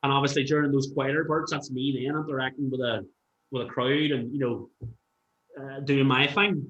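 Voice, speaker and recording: A man's voice: medium pitch, fairly even intonation, normal speed, a bit bright. A man, a musician guest chatting casually and telling stories animatedly, swearing freely. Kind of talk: casual podcast chat. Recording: roomy, dull-sounding room.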